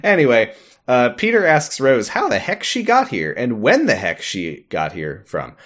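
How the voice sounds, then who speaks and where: Animated man recapping an episode. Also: medium pitch, normal speed. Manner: animated, laughing, acts out quoted lines. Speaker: podcast cohost. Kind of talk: casual chat recapping a TV episode.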